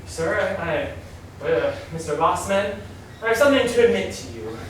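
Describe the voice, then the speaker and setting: A man's voice: high voice, sing-song, a little hiss or hum. A man playing a hesitant young office worker confronting his boss in live improv. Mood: earnest. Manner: halting, then bold confessional. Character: nervous earnest young male office worker. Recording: echoey stage from far off.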